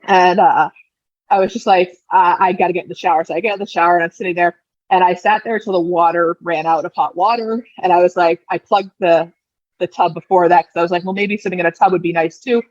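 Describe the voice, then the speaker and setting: A woman's voice: lowish voice, fast, dry recording. Woman telling a story, dull dry audio. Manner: lively retelling, acting out quoted lines. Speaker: podcast guest. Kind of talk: casual storytelling.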